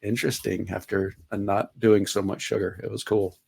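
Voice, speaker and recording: A middle-aged man with a low, gravelly voice, a guest on a talk show. He tells personal anecdotes in a relaxed, chatty way. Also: fairly quick. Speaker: guest speaker. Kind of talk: casual storytelling in an interview.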